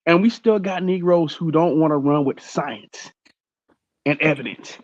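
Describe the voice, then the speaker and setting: Man, animated host on an online panel, fairly high voice, dull dry call audio. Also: normal speed, no echo. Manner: animated, argumentative. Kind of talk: casual panel chat.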